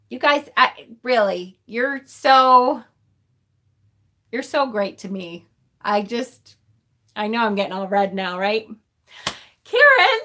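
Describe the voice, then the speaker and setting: Bright-voiced woman hosting a livestream. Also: a little high. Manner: emotional, thanking viewers, halting and self-interrupting. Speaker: livestream host. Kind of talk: casual livestream chat.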